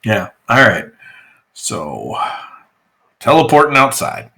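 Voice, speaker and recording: A man's voice: lowish voice, takes it slowly. Laid-back man running a tabletop game. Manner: relaxed, rambling with fillers. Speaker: game master.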